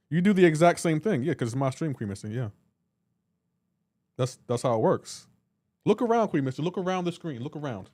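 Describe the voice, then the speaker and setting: Animated teasing male livestreamer. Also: on the high side, dry recording, studio quality. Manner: playful teasing banter with chat; animated, laughs often. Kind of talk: live reaction stream chatting with viewers.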